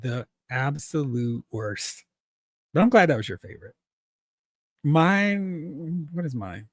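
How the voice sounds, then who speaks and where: A man's voice: on the high side, big pitch swings, slow, no echo, clean studio sound. A man hosting a casual toy-collecting livestream, reading chat comments aloud, laughing often and acting out exclamations.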